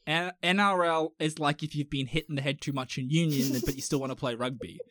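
A man's voice: a little high, fairly even intonation, brisk, fairly bright tone, dry recording, clean studio sound. A young man with an Australian accent, chatting casually as a podcast co-host, rambling and swearing with jokes. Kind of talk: casual chat.

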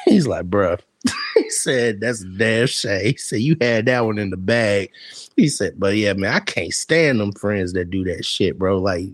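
A man's voice: lowish voice, moderate pace, dry recording. Laughing man telling a wild story. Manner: laughing, animated, acts out quotes. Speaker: podcast co-host. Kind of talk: casual storytelling.

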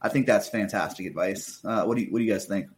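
Guy hosting a podcast, friendly, reads chat comments out loud. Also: lowish voice, fast talker. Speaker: podcast host. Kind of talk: casual chat.

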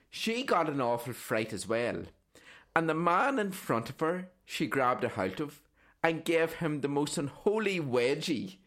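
A man's voice: medium pitch, fairly bright tone. A man telling rambling stories on a casual podcast, swearing and tagging "right?" onto sentences. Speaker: podcast co-host. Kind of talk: casual storytelling chat.

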